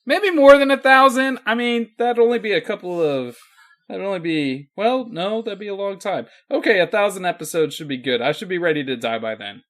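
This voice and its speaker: Man, podcast co-host, casual chat, wry, self-deprecating, high lively voice. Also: a little fast. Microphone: remote video call.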